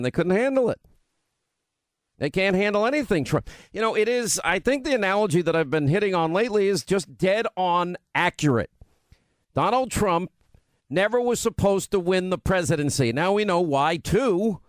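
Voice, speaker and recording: A man hosting a talk radio show, delivering an opinionated monologue. He mocks buzzwords by repeating them over and over and rattles off rapid-fire lists. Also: high-pitched, animated, no echo.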